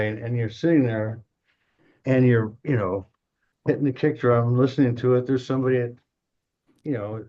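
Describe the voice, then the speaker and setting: A man's voice: mid-range voice, highs cut off. An older man from Detroit, a guest in an interview, telling rambling anecdotes with frequent chuckles. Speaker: guest, drum company co-founder. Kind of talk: casual storytelling.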